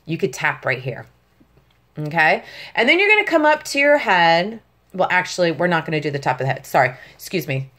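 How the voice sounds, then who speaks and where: A woman's voice: on the low side, sing-song, a little fast, bright, forceful tone. A middle-aged woman patiently teaching a tapping technique step by step, often checking in with the listener. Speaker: tapping instructor. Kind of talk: step-by-step demonstration lesson.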